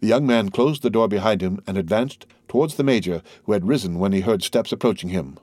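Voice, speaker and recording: A man narrating a classic novel in a steady, formal reading manner. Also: lowish voice, fairly quick, no room sound, studio quality. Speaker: audiobook narrator. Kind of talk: literary audiobook narration.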